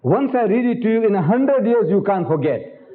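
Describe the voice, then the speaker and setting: A man's voice: sits high, big pitch swings, normal speed. An older man giving a public religious lecture in an emphatic, rhetorical manner, speaking directly to his audience. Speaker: Islamic lecturer. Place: lecture hall. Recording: tinny lo-fi archival lecture tape.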